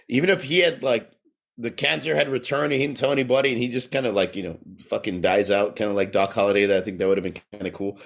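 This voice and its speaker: A man's voice: medium pitch, creaky. A man co-hosting a podcast, chatting casually and swearing often as he rants and laughs through his complaints. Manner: profane, animated, laughing while ranting. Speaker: podcast co-host. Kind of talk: casual chat.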